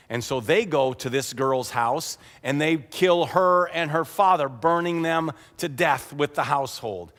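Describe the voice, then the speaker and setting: A man's voice: on the high side, lively intonation, measured pace, few pauses, a bit bright. A man preaching a sermon as pastor, retelling a story in a humorous, conversational way. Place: church sanctuary. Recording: echoey church hall.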